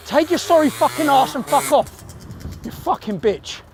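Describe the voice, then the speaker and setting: High-pitched, lively, angry man. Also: moderate pace, gravelly. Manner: aggressive, swearing, repetitive accusations. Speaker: filmmaker confronting people on camera. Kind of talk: heated street confrontation. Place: outdoors in a car park.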